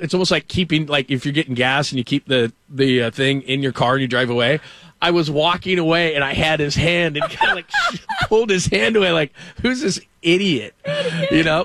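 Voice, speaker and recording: A man's voice: a little high, sharp tone, dry recording. Rambling male sports radio host. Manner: rambling anecdotal storytelling with laughs. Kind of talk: casual sports radio chat. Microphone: studio microphone.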